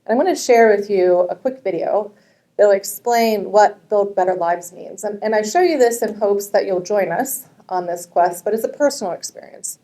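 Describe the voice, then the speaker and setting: A woman's voice: mid-range voice, moderate pace, dark tone. A middle-aged woman executive giving a keynote talk to an audience, conversational, with many restarts and tag questions. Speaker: executive speaker.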